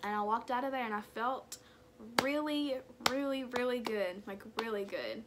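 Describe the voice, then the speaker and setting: A young woman telling a personal story in a chatty, animated way, full of "like"s. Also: a little high, moderate pace, heavy background noise. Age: young adult. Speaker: vlogger.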